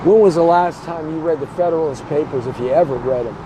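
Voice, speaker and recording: Show host, male, fired-up political commentator, combative and emphatic, voice sitting high, loud traffic behind. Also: fast. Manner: emphatic, hammering rhetorical questions; blunt and combative.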